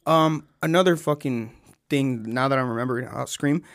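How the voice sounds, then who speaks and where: A man's voice: medium pitch, a little fast, no room sound. A young man co-hosting a podcast, rambling and laughing through casual profane banter. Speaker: podcast co-host. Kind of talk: casual chat.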